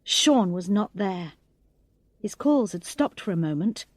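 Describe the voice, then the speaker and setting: A woman reading a graded English storybook aloud in a slow, clear narration, voicing the characters' lines expressively. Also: medium pitch, expressive, darkish tone, no echo. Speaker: audiobook reader.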